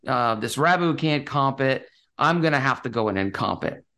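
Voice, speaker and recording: A man's voice: mid-range voice, animated, moderate pace, pushed and bright. A man, a real estate investor guest, talking casually and enthusiastically, with lots of fillers and restarts. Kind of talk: casual interview talk.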